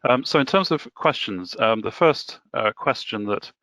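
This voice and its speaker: A man's voice: fairly low pitch, animated, moderate pace, fairly bright tone, dry recording. A man moderating the question session of an online webinar, hesitant with frequent filler sounds.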